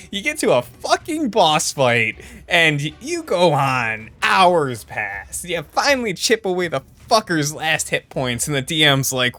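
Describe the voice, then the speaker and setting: A woman's voice: low-pitched, sing-song, unhurried, few pauses, fairly bright tone. A woman streaming a video game, ranting in a profane, exasperated way and laughing at her own complaints.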